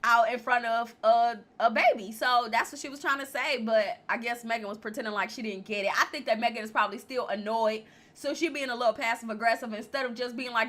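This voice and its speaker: A woman's voice: a little high, fast, few pauses. A woman vlogging a casual, blunt, laughing recap of a reality show, speaking with features. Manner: chatty, animated, laughing often, blunt opinions. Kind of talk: casual chat.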